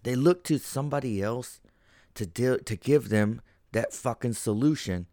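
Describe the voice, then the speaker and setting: A man's voice: medium pitch, measured pace, mellow, dry recording. Profane, ranting man with a dry sound. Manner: profane, ranting, gets heated. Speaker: podcast host. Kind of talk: casual solo podcast monologue.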